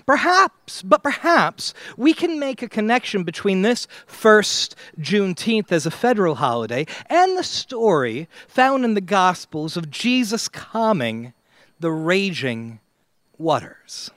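A man preaching a sermon to his church, slow and dramatic, with long pauses and swings between loud and quiet. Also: sits high, sing-song, dry recording. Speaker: pastor.

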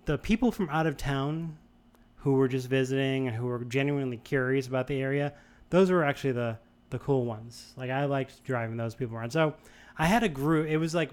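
A young man from the Boston area telling a long anecdote in casual chat, rambling and animated, with many restarts. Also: medium pitch, fairly quick, clear, resonant tone. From Boston area, USA.

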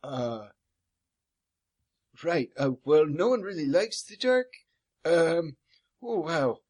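A man plays his character at a tabletop game, his voice slightly husky and lively in pitch. He rambles and jokes, drifting between in-character talk and casual chat. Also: takes it slowly. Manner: joking, rambling, laughs often.

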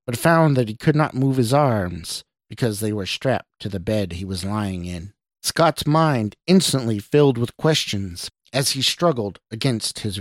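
A male podcast host narrating his own written story in a steady, even reading. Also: mid-range voice, no echo, clean studio sound.

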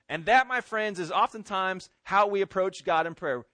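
A pastor preaching a sermon and reading scripture, swinging between loud emphatic stress and hushed pleading. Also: male voice, high voice, lively intonation, normal speed, dry recording.

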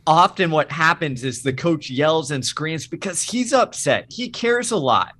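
A man's voice: fairly high pitch, expressive, unhurried, bright, forceful tone. A middle-aged man who has coached, talking earnestly and emphatically in a casual podcast chat. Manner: earnest, emphatic, mixes in acted quotes.

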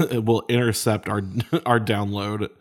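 A man's voice: fairly low pitch, flat delivery, measured pace. A man co-hosting a comedy podcast, telling rambling jokes between laughs. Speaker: podcast co-host. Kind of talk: casual comedic chat.

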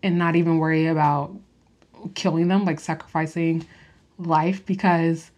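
A woman's voice: low-pitched, fairly even intonation, measured pace, a little mellow. A young woman in casual chat, rambling through a film review with fillers and laughs. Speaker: podcast host reviewing a film.

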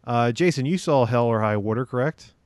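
A man's voice: mid-range voice, animated, brisk, dry recording, clean studio sound. A man co-hosting a podcast in casual chat, hesitant, with many ums and restarts. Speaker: podcast co-host.

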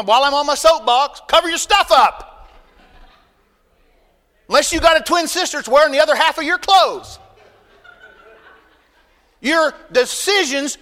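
A man preaching a sermon as pastor, folksy and emphatic, swinging between loud bursts and quiet asides. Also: very high voice, big-room sound.

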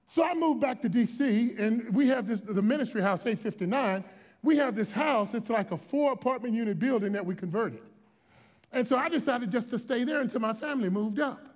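Preaching with animation at a moderate pace, this middle-aged Washington, D.C. pastor has a voice strikingly high for a man. He shifts dynamically and emphatically from shouting to quiet storytelling.

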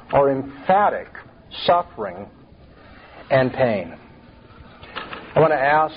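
Male preacher, emphatic rhetorical sermon delivery, husky tone. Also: on the high side, lo-fi sound.

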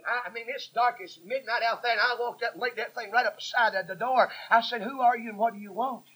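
Bright, husky preacher man. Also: fairly even intonation, quick pace, rough recording. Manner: folksy, emphatic, drops to a low hush at points. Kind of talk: sermon storytelling.

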